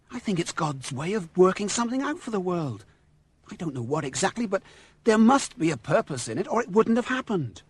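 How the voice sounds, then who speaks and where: A man's voice: a little high, husky. An actor playing an earnest young Royalist officer who pleads passionately for his faith and king, in a 1970s radio drama. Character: young Royalist officer, devout, principled, torn.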